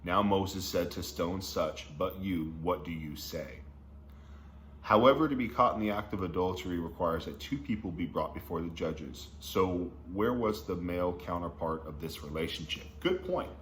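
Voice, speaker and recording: Reading passages and then riffing on them with enthusiastic slang, this Bible teacher leads a relaxed study in a fairly low voice. He speaks at a normal speed with a fairly bright tone, and the echoey recording carries a faint underlying hum.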